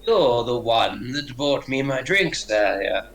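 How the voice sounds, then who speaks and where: A man's voice: mid-range voice, lively intonation, slow pace, a bit bright. A man voicing a towering, jovial female half-orc brawler with a hearty, friendly manner.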